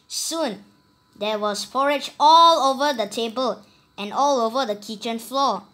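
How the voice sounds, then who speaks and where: Woman, storyteller, picture book read-aloud, slow, bright, higher voice. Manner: animated, pointing out pictures as she reads.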